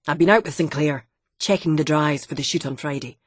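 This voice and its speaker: A hot-headed landowner father rants and swears at full volume, voiced by a woman reading the story. The voice sits low and husky, and the recording is dry and close, with no room sound. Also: fairly quick, no room sound. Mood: indignant. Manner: loud, indignant ranting with heavy swearing. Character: blustering, short-tempered middle-aged landowner father.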